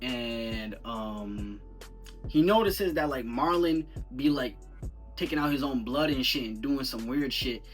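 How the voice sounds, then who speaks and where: A young man giving a casual, rambling movie review full of slang, talking in an animated, incredulous way. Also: medium pitch, measured pace, recorded from a distance, faint music behind.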